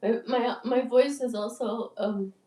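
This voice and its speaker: Croaky rambling woman in her sixties. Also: steady tone, unhurried, dark tone. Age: 60s. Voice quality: croaky, deeper than usual. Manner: meandering, filler-heavy, swears casually. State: congested, clogged up. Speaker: musician and vlogger. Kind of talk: rambling casual monologue. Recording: roomy echo, distant from mic.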